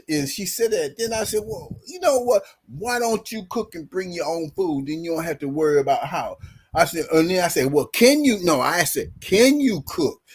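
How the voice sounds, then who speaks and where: High-voiced man telling a lively story. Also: breathy edge. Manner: animated, acts out quoted dialogue with laughter. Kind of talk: casual storytelling. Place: podcast studio.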